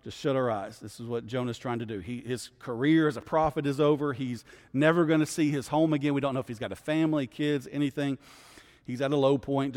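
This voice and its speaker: A man's voice: mid-range voice, a little mellow. A man, a guest pastor teaching a Bible study in a conversational way, often checking in with his listeners. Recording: long hall reverb.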